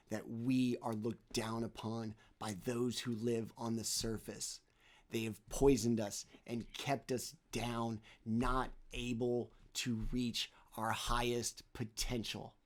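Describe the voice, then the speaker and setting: A man voicing a soft-spoken, cruel male drow lord who addresses a crowd in a menacing loud whisper. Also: mid-range voice.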